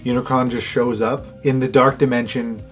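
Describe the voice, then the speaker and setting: A man's voice: mid-range voice, flat delivery, moderate pace, faint music behind. Exasperated man in casual review chat. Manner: exasperated, rhetorical, mimics characters. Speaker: co-host.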